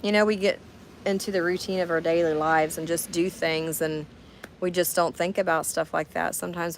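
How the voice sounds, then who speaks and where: A woman's voice: fairly low pitch, slight background noise. A woman, reading viewer comments and chatting on her livestream from a camping trip. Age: 40s. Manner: chatty, talks straight to viewers. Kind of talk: casual chat. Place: camper while on a camping trip.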